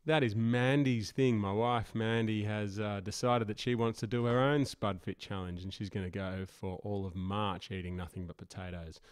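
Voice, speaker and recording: A man's voice: fairly low pitch, fairly even intonation, moderate pace, few pauses, clear, resonant tone, no echo. A man hosting a podcast on his own, rambling casually with many fillers and chuckling at himself. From Australia. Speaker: podcast host. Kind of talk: casual solo podcast intro.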